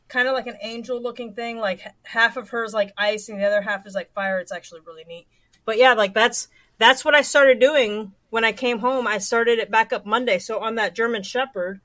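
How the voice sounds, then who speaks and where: A woman's voice: a little high, a bit bright, no room sound. A young woman guest in a casual livestream chat, rambling and hesitant with many fillers.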